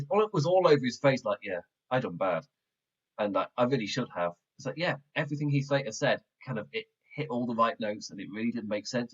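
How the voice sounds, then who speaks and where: A man hosting a podcast in a casual, rambling way, excitable and often breaking into laughter. His voice sits in a middle register. The sound is muffled and lo-fi, as if caught on a backup mic. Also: medium pitch. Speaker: wrestling podcast host. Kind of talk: casual show review.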